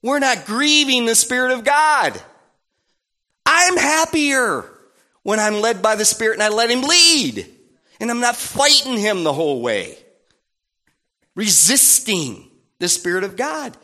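A man preaching a sermon in a playful, animated way, acting out little voices and sounds. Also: very high voice, measured pace, pauses often.

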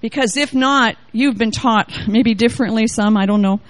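High-voiced exuberant woman preacher. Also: normal speed, dry recording. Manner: exuberant, swings between loud exclamations and quiet asides; reads scripture aloud and comments on it. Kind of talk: charismatic sermon.

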